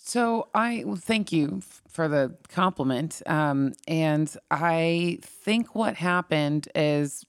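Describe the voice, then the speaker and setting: A woman from California, a singer-songwriter guest, rambling through animated stories in a casual interview. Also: sits low, takes it slowly, hardly any pauses, clear, resonant tone, no room sound, clean studio sound.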